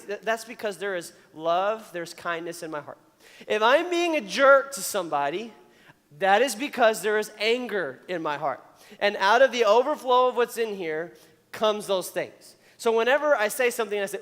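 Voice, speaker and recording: A man preaching to a youth group in a church, chatty and animated, playfully acting out people who complain. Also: high-pitched, moderate pace, long reverb tail. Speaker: youth pastor. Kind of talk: youth sermon. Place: church auditorium.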